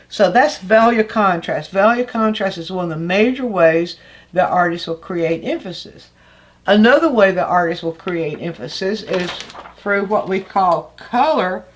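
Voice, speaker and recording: An older woman teaches art in a patient, explanatory way. Her voice sits at a middle pitch, and she often restarts a phrase before finishing it. She keeps pointing out details as she goes. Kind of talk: art lesson explaining a painting.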